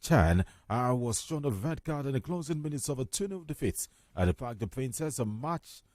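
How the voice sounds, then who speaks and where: A man's voice: mid-range voice, big pitch swings, moderate pace, a little mellow, no echo, studio quality. A man hosting a radio sports show, reading headlines and putting questions to his co-hosts. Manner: reads headlines, then quizzes co-hosts. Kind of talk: casual sports talk.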